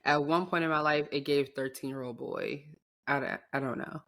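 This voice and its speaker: A young woman co-hosting a podcast in casual chat, speaking in a deep, monotone, matter-of-fact way. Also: moderate pace. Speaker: podcast co-host.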